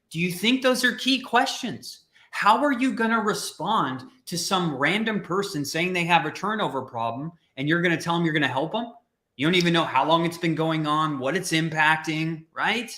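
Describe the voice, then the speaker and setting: A man co-hosting a career podcast, coaching listeners with emphatic, rapid rhetorical questions. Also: a little high, pushed and bright, echoey room. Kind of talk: energetic coaching talk.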